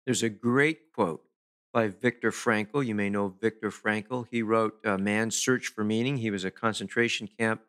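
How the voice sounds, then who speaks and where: A man giving a self-help talk in an emphatic, deliberate way, pausing to stress key words. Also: lowish voice, steady tone, a bit bright. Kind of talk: motivational talk to camera.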